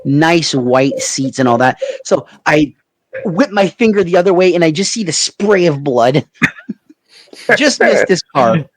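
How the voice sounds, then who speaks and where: A man's voice: on the high side, lively intonation, measured pace, dry recording. A man with a Canadian Maritimes accent, co-hosting a podcast and telling a long, rambling anecdote in casual chat, often laughing at his own story. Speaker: podcast co-host.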